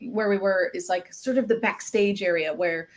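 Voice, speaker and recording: A woman author, a radio show guest, telling an animated story and laughing as she goes. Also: mid-range voice, normal speed.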